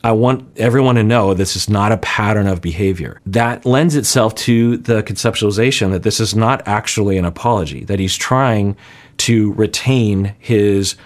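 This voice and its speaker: Deep-voiced man analyzing an apology. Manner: analytical, measured, laughs lightly at himself. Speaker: commentator grading apologies. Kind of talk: reaction commentary.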